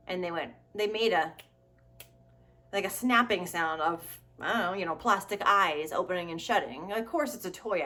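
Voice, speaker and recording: Woman, 30s, comedy vlogger, sarcastic and profane, animated asides. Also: on the low side. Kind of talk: casual comedic commentary.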